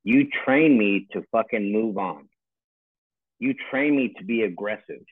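A man's voice: on the low side, unhurried, husky, dry recording. A man in his forties, a retired army first sergeant, ranting bluntly and with plenty of swearing in casual chat over a call from home. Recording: tinny phone-like call line.

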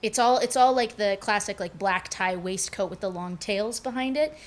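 A woman's voice: mid-range voice, moderate pace. Casual woman running a tabletop game. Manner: casual, full of fillers. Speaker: game master. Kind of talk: describing scenes in a tabletop game.

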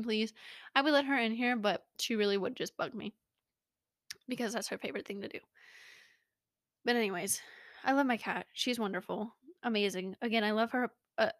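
A woman's voice: medium pitch, a bit bright, no room sound. A young woman hosting a podcast, rambling in a casual, self-mocking way, recorded close in a small home studio. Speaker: podcast host. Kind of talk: casual chat.

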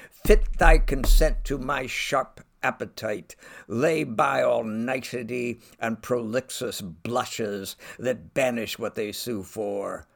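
A man reading aloud the lines of a cold, menacing official, delivered quietly. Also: medium pitch, slow pace, creaky, pitched above the performer's own voice. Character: cold, menacing official threatening a young woman.

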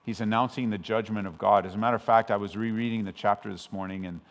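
A man from Southern California preaching a sermon as pastor, conversational with frequent restarts, swelling loud when he quotes scripture. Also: on the low side, fairly even intonation, fast talker. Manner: conversational and self-interrupting, with restarts. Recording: long hall reverb.

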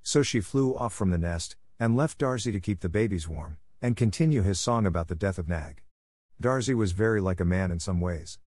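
Low-voiced man reading a storybook. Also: animated, fairly quick, darkish tone, dry recording, clean studio sound. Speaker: audiobook narrator. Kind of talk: storybook narration for English learners.

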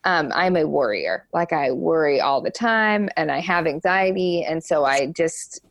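Gravelly low-voiced young woman. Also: no echo. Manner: halting, lots of "like" and "um" fillers; frank and open. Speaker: interview guest. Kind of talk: candid personal storytelling.

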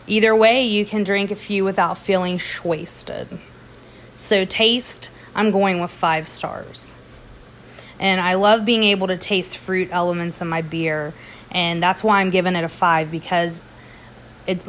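A woman's voice: fairly low pitch, fairly bright tone, a little hiss or hum. A woman hosting a casual beer review podcast, chatty and rambling, laughing at herself. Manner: chatty, rambling, self-deprecating.

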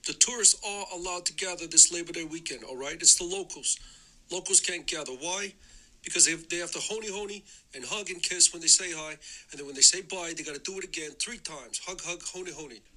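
Man impersonating a swaggering threatening mayor, high bright voice, comedy clip. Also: full character voice, low-quality recording. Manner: swaggering, threatening, repeats 'okay?'. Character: brash tough-talking city mayor, man, bullying and blunt. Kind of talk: comic impression clip.

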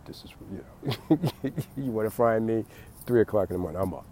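A man's voice: lowish voice, brisk, warm tone, a little hiss or hum. A man giving a late-night rambling monologue, repeating words and laughing at his own jokes.

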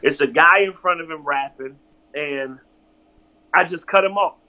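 A man's voice: a little high, measured pace, muffled recording. A man from Virginia, a guest telling a story casually and with animation, swearing freely. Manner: animated, profane, acts out others' lines.

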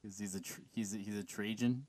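A man's voice: fairly low pitch, steady tone, a little fast, a little mellow, dry recording. A man co-hosting a casual podcast, rambling with many restarts and some swearing. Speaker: podcast co-host. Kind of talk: casual wrestling chat.

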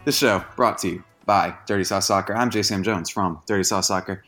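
A man's voice: low voice, fairly quick, sharp tone, soft background music. A man hosting a casual sports podcast, joking and self-deprecating. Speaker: podcast host.

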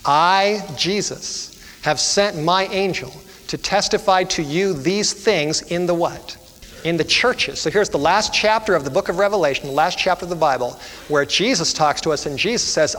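A man's voice: fairly high pitch, a bit bright. A male preacher leading a prophecy seminar, telling a story with fervent, rhythmic repetition and calls of amen and hallelujah. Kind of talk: evangelistic sermon with storytelling. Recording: echoey hall, faint music.

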